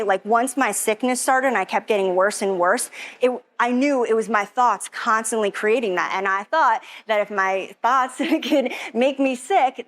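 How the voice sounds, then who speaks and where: Gushing woman, higher voice, lots of "like". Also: fairly bright tone. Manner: breathless, gushing, heavy use of "like". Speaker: event attendee giving a testimonial. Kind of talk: emotional personal testimonial.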